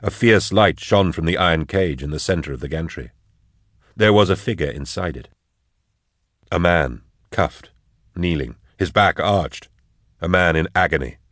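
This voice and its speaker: A man with a very deep voice reads an audiobook in a measured, tense way. The sound is dry and close, with no room around it. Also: a bit bright, no echo. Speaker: narrator. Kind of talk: audiobook narration.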